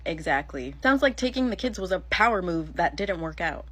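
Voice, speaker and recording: A woman's voice: fairly low pitch, lively intonation, moderate pace, hardly any pauses, fairly bright tone. A woman giving sassy, emphatic reaction commentary on a custody story. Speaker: commentary host.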